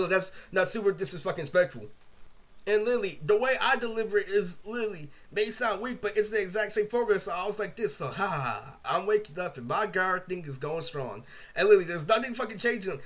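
Fast and high-voiced, a young man delivers a bright, forceful monologue straight to camera. It's a meandering, swear-filled rant peppered with "like" and "literally."

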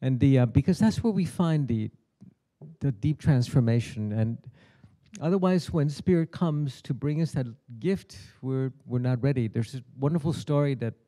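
A man's voice: medium pitch, expressive, normal speed, mellow. A middle-aged man giving a keynote spiritual teaching, telling a parable and voicing its characters' lines. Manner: storytelling, acts out the characters' lines. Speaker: keynote speaker. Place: conference hall.

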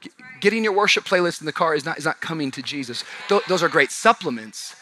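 A male pastor with a high, bright, forceful voice delivers a sermon in a church. He swings between shouting and near-whispered lines. His pace is quick and conversational. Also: expressive, slight background noise. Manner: passionate, swings from shouting to hushed. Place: large church auditorium.

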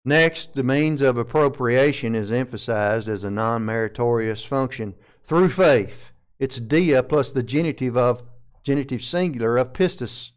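A man with a Southern American accent gives a methodical Bible lesson from the pulpit, working through Greek grammar one term at a time. His voice is smooth and resonant, at an ordinary pitch for a man. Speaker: pastor. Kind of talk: verse-by-verse Bible teaching.

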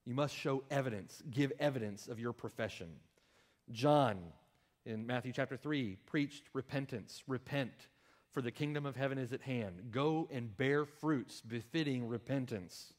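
A man preaching a sermon as pastor, reading scripture aloud with emphatic rises and pauses and directing listeners to verses. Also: medium pitch.

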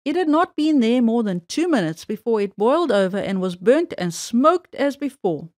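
A woman reading a children's fairy tale aloud in a gentle, measured way. Her voice sits on the higher side. It is recorded close and dry, with no echo. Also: very animated. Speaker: storyteller. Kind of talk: children's read-aloud story.

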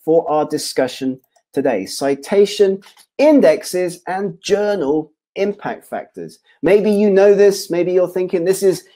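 Mellow-voiced man presenting a webinar. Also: high-pitched, expressive, slow pace. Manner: restates points in repeated lists of phrases. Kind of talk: online presentation to researchers.

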